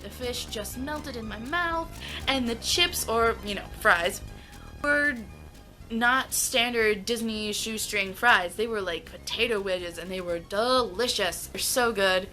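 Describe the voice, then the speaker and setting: Her tone sharp and her pitch a little high, a young American woman vlogs casually about foods she adores, elongating words as she gushes. Soft music plays underneath, and the recording quality is poor.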